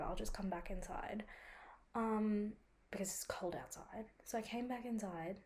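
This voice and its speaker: A woman's voice: medium pitch, gravelly, darkish tone, a little hiss or hum. Young woman chatting casually with a sore throat. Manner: chatty, frequent "like" and swearing, dramatizes her own reactions. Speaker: vlogger. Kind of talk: casual vlog chat.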